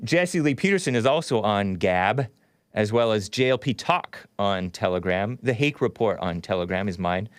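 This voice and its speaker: A man's voice: fairly low pitch, lively intonation, moderate pace, clean tone, no echo, clean studio sound. A man hosting a livestream show, talking casually and rambling, often spelling names out letter by letter. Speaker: show host.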